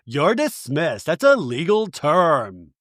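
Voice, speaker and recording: A man voicing an indignant woman reality star who stresses each word slowly. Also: a little high, big pitch swings, a bit bright, no room sound, clean studio sound.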